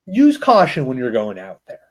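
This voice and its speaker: A man co-hosting a podcast, chiming in with quick jokes and questions in casual chat. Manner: joking interjections, lively pitch. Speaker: podcast co-host.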